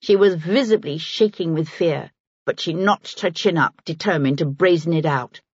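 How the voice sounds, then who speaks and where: A woman reading a historical novel aloud as an audiobook narrator, in a measured storytelling manner. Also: deep voice, husky, dry recording, lo-fi sound. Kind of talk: scripted narration.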